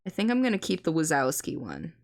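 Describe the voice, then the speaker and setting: A woman's voice: low voice, huge pitch swings, fast. A woman streamer chatting casually with her viewers and commenting on gameplay clips, swearing freely and laughing at herself.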